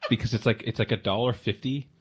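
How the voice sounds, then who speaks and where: A man co-hosting a podcast in casual chat, making relaxed, dry asides. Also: medium pitch, fast talker, breathy edge. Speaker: podcast co-host.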